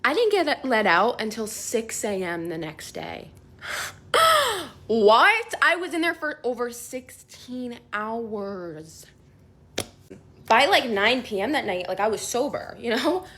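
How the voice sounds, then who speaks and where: Young adult woman, casual vlogger, somewhat high pitch, animated, chatty with filler words and laughter. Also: unhurried. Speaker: storyteller. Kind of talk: casual storytime vlog.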